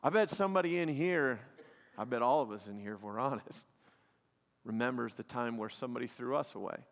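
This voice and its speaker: A man's voice: medium pitch, brisk. Emphatic male preacher in a reverberant church. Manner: emphatic, conversational preaching with frequent "man" and "like". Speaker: pastor. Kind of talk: sermon. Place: church sanctuary. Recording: long reverb of a large hall.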